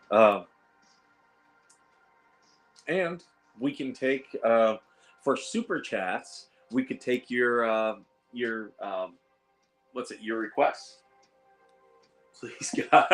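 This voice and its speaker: A man with a Midwestern accent and a hoarse, worn voice, chatting casually on a home livestream in a rambling way. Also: medium pitch, takes it slowly, pauses often, a bit bright, soft background music, poor audio. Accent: Midwestern American. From Ohio. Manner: rambling, chuckling, restarts phrases. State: hoarse, losing voice. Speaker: livestream host.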